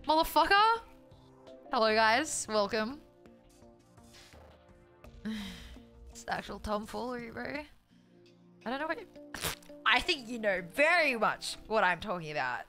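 This young woman from Australia chats casually on her live stream and reads out messages from chat, cursing loudly, exasperated, and laughing often. Her voice is a little high with lively intonation, and she speaks unhurriedly with long pauses while soft music plays.

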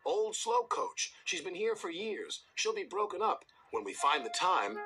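A man's voice: high-pitched, sing-song, a little slow, pushed and bright, soft background music, pitched above the performer's own voice, heavily acted. A man voicing a brusque male yard manager in a storybook, speaking curtly.

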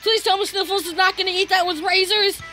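A woman hosting a reaction video in casual commentary, excitable and quick to burst into shrieks and exclamations. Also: very high voice, over music.

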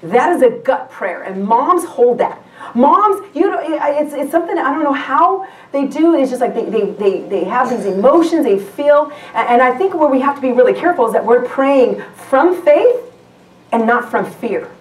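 A woman's voice: high-pitched, lively intonation, normal speed. Woman preaching in an echoey church. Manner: conversational, with frequent restarts and questions to the congregation. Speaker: guest pastor. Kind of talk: sermon. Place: church sanctuary. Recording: echoey church hall from far off.

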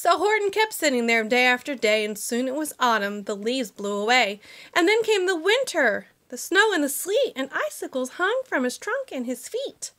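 A teacher, a woman, reading a rhyming picture book aloud to children with an expressive storytelling manner. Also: high-pitched, normal speed.

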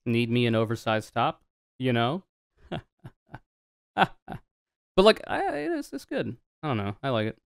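Young man, streamer, casual reaction chat, swears a lot, animated pitch, dry close sound. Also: a little slow, creaky, pauses often, clean tone, no room sound. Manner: profane, joking, rambling.

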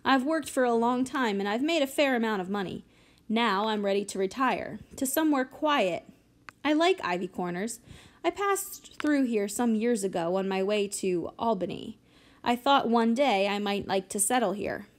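A woman's voice: a little high, animated, normal speed, close to an everyday voice. A woman reading an audiobook, voicing a polite, persuasive bachelor businessman ready to retire. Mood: earnest. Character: polite middle-aged male businessman, eager to buy.

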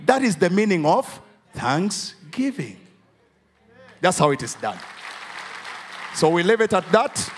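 A man's voice: high voice, big pitch swings, takes it slowly, pauses often, soft background music, a faint crowd. A Kenyan pastor preaching a sermon to his church, asking his congregation questions as he goes.

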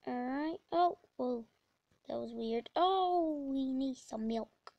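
A woman giving casual, rambling commentary while playing a video game, breaking into sudden excited exclamations. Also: sits high, takes it slowly, gravelly, no room sound, dull audio. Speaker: let's play gamer.

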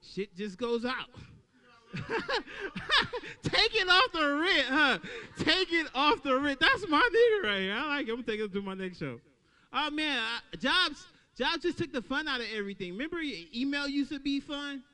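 A man doing a stand-up comedy set at an open mic, talking loudly and playing out little voices for the crowd. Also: extremely high pitch, moderate pace. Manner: loud, animated crowd work with acted-out voices.

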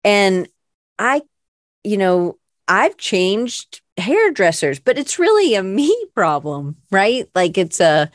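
A woman's voice: medium pitch, very animated, slow, no echo, clean studio sound. A middle-aged woman hosting a podcast in a casual, rambling, self-reflective chat full of fillers. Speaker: podcast host.

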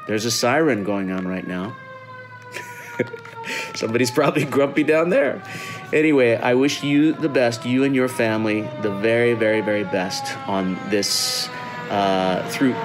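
Animated man reading a picture book. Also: medium pitch, background noise. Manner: animated, friendly storytelling. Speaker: guest reader.

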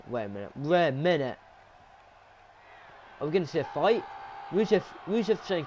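A young man giving excited, rambling play-by-play commentary over a wrestling video game, pleading with the action on screen. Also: on the high side, moderate pace, long pauses, a little hiss or hum. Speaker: gaming commentator.

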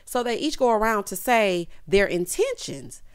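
A woman giving a casual, sassy recap of a reality show, with animated asides to the viewer. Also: mid-range voice, normal speed, smooth.

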